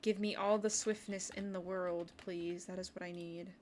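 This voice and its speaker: A woman's voice: lowish voice, flat delivery, normal speed, darkish tone, a little hiss or hum. A woman streamer giving casual running commentary on a game. She talks to her chat and sometimes drops into short whispered asides. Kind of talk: casual gaming livestream commentary. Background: faint keyboard typing.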